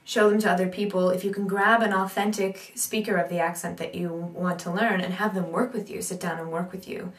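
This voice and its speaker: A woman giving an animated talk as an accent coach, thinking aloud with many asides. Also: fairly low pitch, fairly quick, few pauses. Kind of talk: instructional talk. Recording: roomy echo, distant mic.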